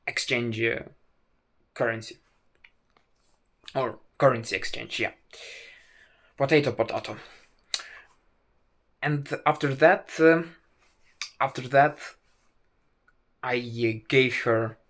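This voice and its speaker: A young man at an unhurried, halting pace. He keeps stopping on fillers and restarting his sentences, and he tells the story in a wry, self-mocking way. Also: mid-range voice, fairly bright tone. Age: 20s. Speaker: vlogger. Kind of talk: casual storytelling to camera.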